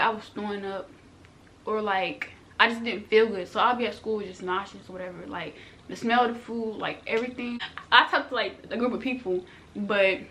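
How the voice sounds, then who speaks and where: A young woman telling her own story to viewers in a casual storytime vlog. She talks fast and chatty, full of slang, and addresses the audience directly. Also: mid-range voice, fairly bright tone, slight background noise.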